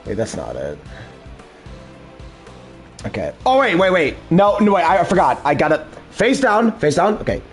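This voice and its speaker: A chatty male streamer rambles through his game session, his fairly high voice swinging widely in pitch. Faint game music plays behind him. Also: wildly swooping pitch, normal speed, pauses often. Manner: chatty, rambling, easily sidetracked. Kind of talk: casual gameplay commentary.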